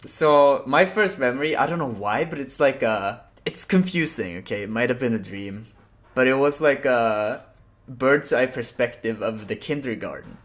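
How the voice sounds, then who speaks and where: A man's voice: mid-range voice, animated, moderate pace. A young man co-hosting a podcast, telling stories in a casual, laughing, swear-heavy way and acting out his own past reactions. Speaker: podcast co-host. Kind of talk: casual chat. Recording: echoey room.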